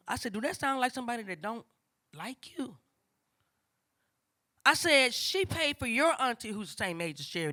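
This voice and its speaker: An older woman with telling a family story on stage, conversational and acting out voices of her relatives. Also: a little high. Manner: animated, acts out family voices, casual and conversational. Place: stage before a live audience.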